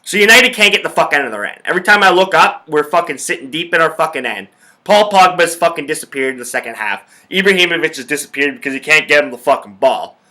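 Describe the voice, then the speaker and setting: A man's voice: on the high side, lively intonation, fast, sharp tone. A young man hosting a sports podcast, ranting about football in a profane, fired-up way. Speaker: podcast host. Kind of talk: casual sports talk.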